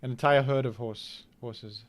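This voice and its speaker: A man hosting and commentating a live online game tournament, excitable and playful, swinging from loud hype to quiet thanks. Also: mid-range voice, a little slow.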